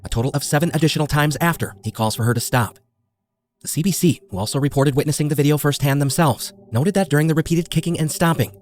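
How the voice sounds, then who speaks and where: A man's voice: on the high side, darkish tone. A man reading scripted true crime narration as a podcast narrator, grave and detailed.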